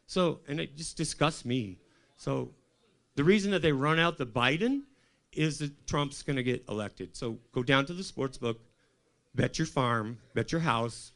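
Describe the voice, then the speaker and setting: A man from Colorado doing a rambling stand-up set at an open mic, telling deadpan stories and quizzing the crowd. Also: medium pitch, unhurried. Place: small comedy club stage.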